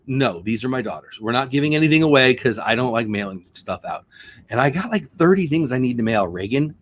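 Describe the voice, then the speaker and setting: A man's voice: mid-range voice, animated, brisk. A middle-aged man hosting a casual home livestream, rambling and joking while reading chat comments aloud. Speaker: livestream host.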